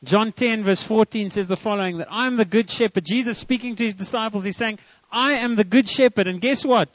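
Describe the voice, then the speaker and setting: A man's voice: high-pitched, brisk, dry recording, lo-fi sound. A man preaching a sermon to a church congregation, earnest and often repeating words as he starts a line. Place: church service.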